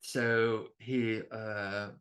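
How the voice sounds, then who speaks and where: A man's voice: on the low side, flat delivery, extremely slow, fairly bright tone. A man with a German first language, giving a chatty lecture over slides, full of fillers and tag questions. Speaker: astrology lecturer. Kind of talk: casual presentation over slides.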